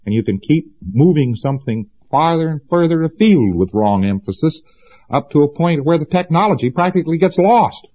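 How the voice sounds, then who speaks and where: A man's voice: a little high, big pitch swings, normal speed, highs cut off. A man giving an informal lecture to students, folksy and sarcastic, hammering points home by repeating them. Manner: folksy and sarcastic, with emphatic repetition.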